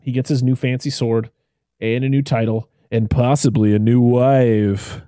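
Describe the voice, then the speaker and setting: A man's voice: mid-range voice, fairly even intonation, normal speed, dark tone, no echo, clean studio sound. A man co-hosting a film podcast, chatting casually and retelling scenes while laughing often. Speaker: podcast co-host. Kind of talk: casual film-review chat.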